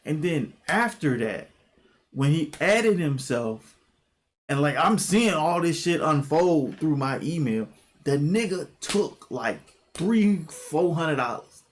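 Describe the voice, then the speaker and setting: A young man telling a casual storytime story, animated and profane, jumping into quoted exclamations. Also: a little high, slow pace. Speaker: vlogger.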